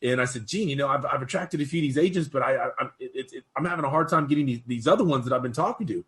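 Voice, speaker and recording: A man excitedly telling a personal story, rambling with fillers and restarts. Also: medium pitch, very fast. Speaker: interview guest.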